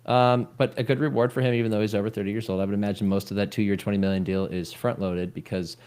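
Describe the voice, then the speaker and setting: A man co-hosting a sports podcast, animated and teasing in quick banter. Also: fairly low pitch, clean tone. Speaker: podcast co-host. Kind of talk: casual sports chat.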